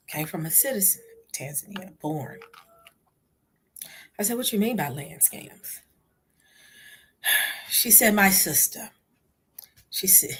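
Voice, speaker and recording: A woman's voice: mid-range voice, sing-song, measured pace, long pauses, noisy background. A woman hosting a live stream, chatting casually and retelling a conversation to her listeners. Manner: chatty, addresses listeners as "y'all". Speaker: host.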